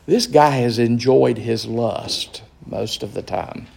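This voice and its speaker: A man leading a Bible study as pastor, speaking slowly and earnestly with restarts. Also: mid-range voice, creaky, darkish tone, husky. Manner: slow, earnest, with fillers and restarts.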